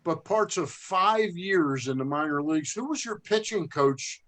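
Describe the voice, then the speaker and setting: A man hosting an interview, chiming in with quick prompts and questions. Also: on the high side, animated, a bit bright. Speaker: host.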